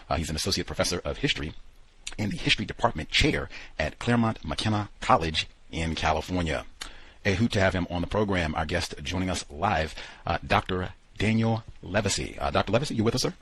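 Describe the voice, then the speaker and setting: A man's voice: deep voice, expressive, fast talker, fairly bright tone, husky, no room sound, low-quality recording. A man hosting a radio talk program, telling stories animatedly with lots of quoted asides and fillers. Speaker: radio show host.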